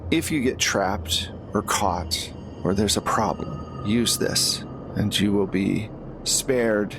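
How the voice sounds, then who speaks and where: A man plays a stern older enemy general who speaks curtly and formally. The voice is gravelly and unhurried. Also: lowish voice, over music.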